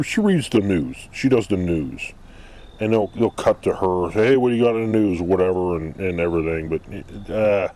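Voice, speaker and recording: Low-voiced guy rambling bluntly outside, casual vlog rant. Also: a little mellow. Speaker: vlogger. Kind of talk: casual opinion monologue.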